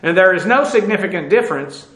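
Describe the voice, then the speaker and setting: A man teaching a Bible lesson, explaining slowly with many "uh" fillers and self-corrections. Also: high voice, expressive, a bit bright, echoey room, low-quality recording. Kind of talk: lecture on Greek verb tenses.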